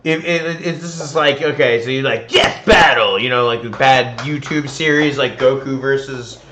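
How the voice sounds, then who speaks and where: A man doing casual gameplay commentary, playful and laughing, with halting restarts. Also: medium pitch, echoey room, background noise. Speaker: co-host playing a game.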